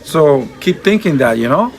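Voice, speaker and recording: A man's voice: a little high, sing-song, moderate pace. A man, a boxer, speaking at a press conference in a blunt, profane way and laughing at his own remarks.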